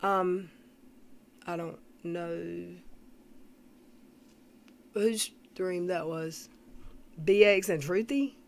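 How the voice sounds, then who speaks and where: A woman hosting a casual livestream, rambling through commentary and greeting viewers from the chat, with frequent throat clearing. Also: on the low side, drawn-out words, pauses often. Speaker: livestream host.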